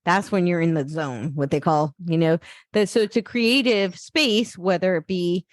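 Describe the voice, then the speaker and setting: A woman's voice: fairly low pitch, moderate pace, dry recording, studio quality. A woman guest on a podcast who talks casually and loosely, with many fillers and restarts. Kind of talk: casual interview talk.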